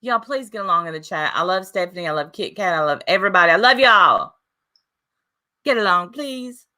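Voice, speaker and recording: A woman's voice: lowish voice, lively intonation, fairly quick, pushed and bright. A woman hosting a casual livestream, chatty and rambling, talking straight to her viewers in a defensive tone. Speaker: livestream host.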